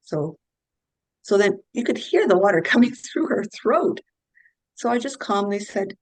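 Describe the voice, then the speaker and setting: Speaking a little slowly but very animated, a middle-aged woman with a medium-pitched voice recounts case stories as a guest health practitioner. Her conversational interview storytelling is earnest and anecdotal, with many restarted sentences, and the recording is dry and rough.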